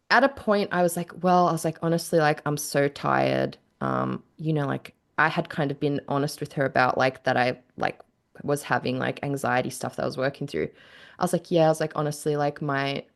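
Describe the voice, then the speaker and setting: A woman with a notably low voice tells a personal story on a podcast. She talks candidly and casually, fills her sentences with "like," and slips into the voices of the people she describes. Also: gravelly. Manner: candid storytelling, heavy on "like", acts out quotes. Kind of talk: casual chat.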